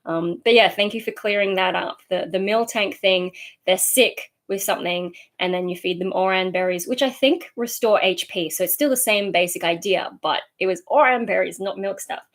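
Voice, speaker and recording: A woman's voice: mid-range voice, moderate pace. A woman with a Sydney accent, chatting casually on a livestream as she answers viewer comments in a rambling way, full of ums and likes. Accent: Sydney Australian. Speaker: streamer answering chat.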